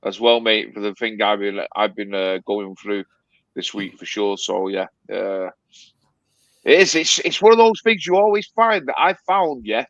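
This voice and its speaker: A man's voice: fairly low pitch, animated, moderate pace, a bit bright, no room sound, highs cut off. A man co-hosting a casual live-stream chat, emphatic and repetitive, often saying "mate". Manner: emphatic, repeats himself, says "mate" a lot. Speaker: co-host.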